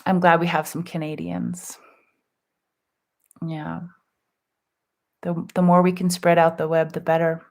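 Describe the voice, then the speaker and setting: A woman with a slightly low voice hosts a live spiritual gathering, taking her time over every phrase. She chats gently and affectionately, answering her viewers' comments with soft laughs. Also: level tone, measured pace, pauses often. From California. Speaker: host of a live spiritual group session. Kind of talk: casual live-stream chat.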